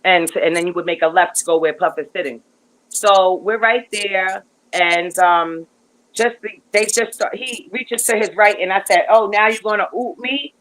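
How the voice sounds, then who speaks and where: A woman guest telling a long story in casual chat, animated and rambling, with lots of fillers and restarts. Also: lowish voice, moderate pace, poor audio.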